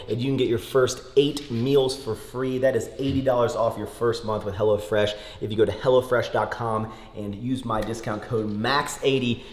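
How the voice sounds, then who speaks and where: A man's voice: medium pitch, reverberant. A young man vlogging casually, rambling with lots of fillers and breaking into a sponsor read.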